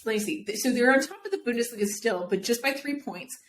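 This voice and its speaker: A woman's voice: fairly high pitch, animated, fast, slight background noise. A woman co-hosting a sports podcast, chatting casually and explaining at length with frequent laughs. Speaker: podcast co-host.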